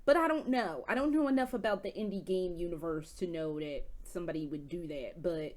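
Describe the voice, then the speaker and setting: A woman vlogger reviewing games in casual chat, telling stories in an animated, profane way with frequent laughs. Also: lowish voice, brisk. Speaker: video game vlogger.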